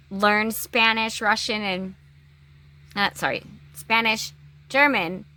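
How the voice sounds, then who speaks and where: A woman talking in a casual personal vlog, halting, with long pauses and restarts. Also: medium pitch, pushed and bright, no room sound. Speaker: vlogger.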